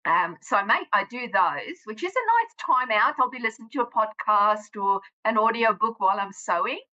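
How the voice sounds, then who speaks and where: Bright-voiced South African woman in her fifties. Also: on the high side, expressive, moderate pace, dull audio. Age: 50s. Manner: chatty, rambling with self-corrections. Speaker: guest. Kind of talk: casual interview chat.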